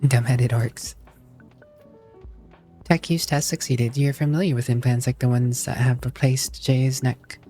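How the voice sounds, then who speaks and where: An easygoing streamer with a US Southern accent, reading video game dialogue aloud and chatting casually. The voice is mellow and warm, with chuckles between remarks. Faint game music sits underneath. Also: mid-range voice.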